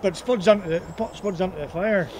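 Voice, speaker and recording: Older man, fairly high voice, lively storyteller, outdoors with clear traffic noise. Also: fairly quick, rough recording. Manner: lively, loud acted-out quotes. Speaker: childhood friend. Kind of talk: reminiscing storytelling.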